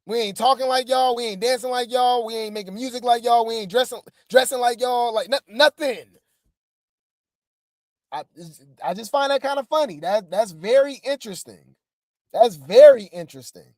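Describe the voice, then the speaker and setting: A woman's voice: a little high, normal speed, no echo, studio quality. Sassy chatty woman commentator. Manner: chatty, sassy, repeats phrases. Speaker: gossip commentary host. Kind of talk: casual commentary.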